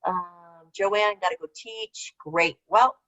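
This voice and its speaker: A woman's voice: mid-range voice, takes it slowly, bright, forceful tone. Chatty older woman on a dull call line. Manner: chatty, rambling, answers typed questions. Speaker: webinar presenter. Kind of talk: casual online workshop presentation. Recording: slightly dull lo-fi call audio.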